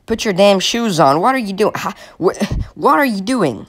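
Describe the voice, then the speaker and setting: A man's voice: high voice, animated, moderate pace, hardly any pauses. A young man from Finland giving mocking, exasperated comic commentary over a video. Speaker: comedy video creator.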